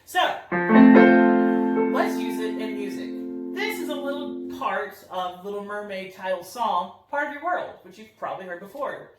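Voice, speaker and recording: A woman's voice: medium pitch, expressive, moderate pace, music in the background. A young woman voice teacher explaining singing technique in an upbeat, friendly teaching tone. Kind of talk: singing lesson demonstration. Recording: roomy echo, somewhat far from the mic.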